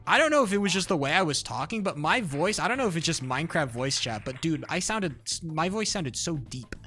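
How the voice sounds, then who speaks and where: A man's voice: on the high side, very animated, fairly quick, bright, forceful tone, faint music behind. A young man chatting casually on a live stream, rambling, restarting sentences and swearing a lot.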